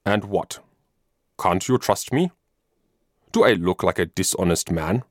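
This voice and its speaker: Storybook nobleman hunter, commanding, low and lively voice, read by a man. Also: moderate pace, no echo, clean studio sound. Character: lost, hungry nobleman hunter.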